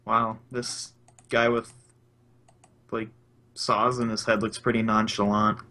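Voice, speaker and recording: A man's voice: fairly low pitch, little pitch movement, slow pace, bright, forceful tone. A young man co-hosting a podcast, dropping dry, teasing quips. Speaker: podcast co-host. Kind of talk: casual chat.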